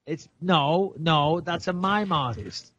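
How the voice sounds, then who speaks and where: An English man co-hosts a podcast in casual, teasing banter. His voice sits a little high for a man. The sound is dry and dull, like a lo-fi recording. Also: slow, fairly bright tone, no echo. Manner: joking, teasing, easygoing. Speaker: podcast co-host.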